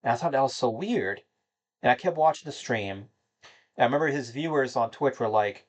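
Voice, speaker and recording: A man's voice: medium pitch, lively intonation, fairly quick. A man hosting a gaming channel, talking to his viewers in a rambling, somber and disappointed way, with many fillers and restarts. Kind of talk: casual monologue to viewers.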